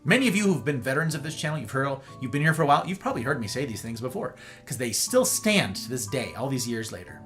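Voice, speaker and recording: Animated, bright-voiced male talk host. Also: mid-range voice, quick pace, few pauses, faint music behind. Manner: emphatic, animated and sarcastic, with playful asides. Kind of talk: livestreamed talk monologue.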